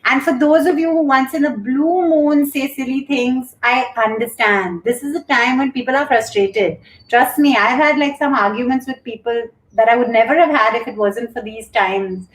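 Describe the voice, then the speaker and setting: Middle-aged woman host, candid and chatty, bright-ish voice, echoey room on a live stream. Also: fairly high pitch, moderate pace. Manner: candid, chatty, warmly thankful. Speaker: show host and yoga instructor. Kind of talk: live-stream chat reading viewer comments.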